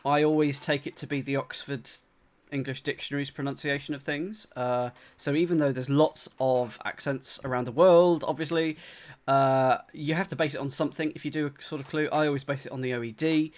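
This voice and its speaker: A man's voice: mid-range voice, fairly even intonation, fairly quick. A man from the UK streaming live as he solves a crossword, thinking aloud, repeating clues and talking to his chat with lots of fillers and restarts. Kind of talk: casual live-stream commentary.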